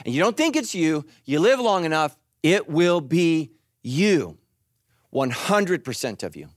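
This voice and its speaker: Middle-aged male preacher, high lively voice, joking sermon, dry close sound. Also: unhurried, no echo. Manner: animated, joking, puts on voices for quotes. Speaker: pastor.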